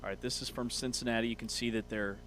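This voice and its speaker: A male co-host on a sports radio show, chatting casually and cracking dry jokes. His voice sits at an ordinary mid pitch. Faint hum in the studio. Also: steady tone, fast, a bit bright. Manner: dry, wisecracking asides.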